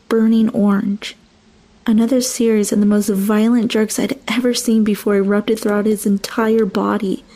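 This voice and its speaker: A woman narrating a first-person horror story in a hushed, slow, tense storytelling manner. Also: fairly high pitch.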